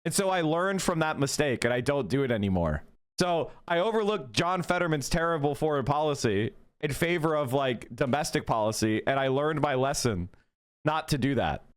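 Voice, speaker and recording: Man, political streamer, combative and foul-mouthed, voice swinging up and down a lot, pitched a bit high. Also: expressive, moderate pace, clear, resonant tone. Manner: combative, profane, mocking. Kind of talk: live-stream rant to chat.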